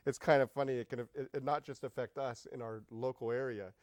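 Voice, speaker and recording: A man guest-hosting a talk show, interviewing a guest in an excitable, halting way with frequent laughs. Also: mid-range voice, no echo, studio quality. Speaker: guest host. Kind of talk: casual interview.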